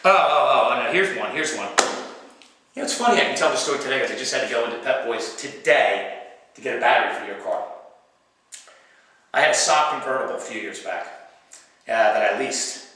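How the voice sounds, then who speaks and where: A man telling a funny true story as stand-up comedy, animated and acting out his own shouts and other voices. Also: medium pitch, fairly quick, long pauses. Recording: echoey room from far off.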